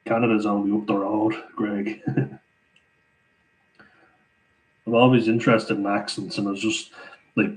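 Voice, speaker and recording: Chatty Irish man, lowish voice. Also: little pitch movement, a little slow, long pauses, low-quality recording. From Ireland. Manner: chatty, laughs often between remarks. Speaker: channel host answering viewer questions. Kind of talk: casual live Q&A chat.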